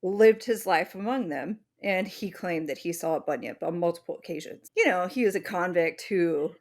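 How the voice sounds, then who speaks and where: A woman co-hosting a podcast, presenting the episode's topic in casual chat, animated and swearing freely. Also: lowish voice, normal speed. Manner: animated, swears freely, acts out little voices.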